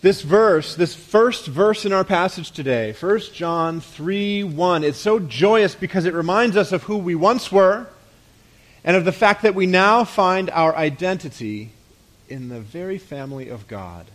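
A man preaches to his congregation in a relaxed, conversational way. His voice sits a little high, and he often sinks quietly at the close of a thought. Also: unhurried. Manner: conversational preaching with rhetorical questions and soft drops at phrase ends. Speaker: pastor. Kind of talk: sermon.

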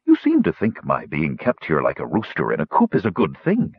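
A man's voice: a bass voice, huge pitch swings, a little fast, husky, no room sound, phone-quality sound, pitched below the performer's own voice, heavily acted. A man voicing an ancient, lonely male dragon who pleads in grand, formal speech. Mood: pleading.

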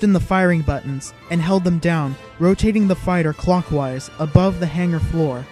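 A man's voice: on the high side, normal speed, few pauses, darkish tone, faint music behind. A man giving dramatic, vivid scripted narration of an audiobook.

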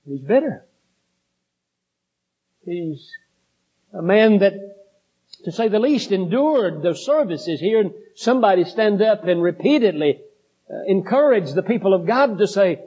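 A man preaching a sermon, slow and deliberate, building in intensity. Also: sits high, lively intonation, warm tone, husky. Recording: dull lo-fi recording.

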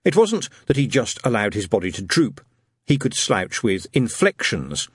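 Man, audiobook narration, wry storytelling, husky voice, dry close sound. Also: fairly low pitch, dry recording. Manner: expressive, wry storytelling with many character voices.

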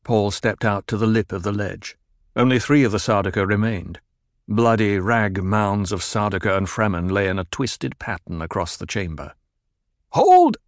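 A man narrating an audiobook in a measured, dramatic reading. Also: on the low side, fairly even intonation, dry recording, clean studio sound.

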